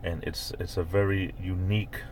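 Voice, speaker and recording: A man's voice: sits low, level tone, normal speed, darkish tone, slight background noise. A man with a Northeastern US accent hosting a casual live stream from a parked car, rambling and reading viewer comments aloud. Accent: Northeastern US, New York-like. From Northeastern United States.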